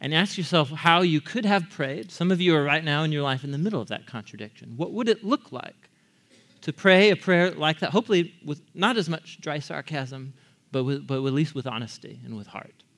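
A man's voice: a little high, lively intonation, a little fast, a bit bright. A man preaching a sermon in a conversational way, often asking his audience questions. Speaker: pastor.

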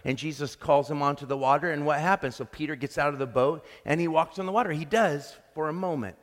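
A man's voice: a little high, fast talker. Earnest male preacher in a reverberant hall. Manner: earnest, reflective preaching with restarts. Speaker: pastor. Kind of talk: sermon. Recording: long reverb of a large hall.

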